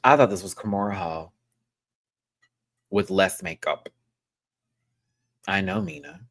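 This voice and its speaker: A reviewer in a casual live review, talking animatedly with sassy asides and sudden high-pitched exclamations. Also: very animated, a little slow, gravelly, fairly bright tone. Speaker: show reviewer.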